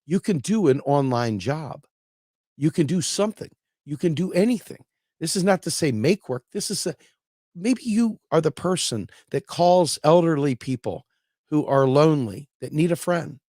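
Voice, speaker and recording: A man's voice: on the high side, lively intonation, moderate pace, a little mellow, no echo, studio quality. A man hosting opinionated solo political commentary who talks bluntly, with swearing and sarcasm.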